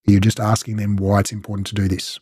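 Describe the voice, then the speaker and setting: A man's voice: on the low side, level tone, fast, a little mellow, husky, dry recording, clean studio sound. A man teaching a casual recorded lesson, talking conversationally and acting out short coach and client exchanges. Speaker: instructor.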